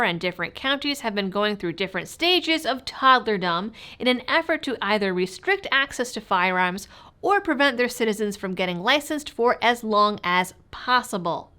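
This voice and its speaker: A woman's voice: on the high side, pushed and bright, clear, resonant tone. A woman hosting her own channel, giving sarcastic, mocking scripted commentary to camera. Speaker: political commentary host.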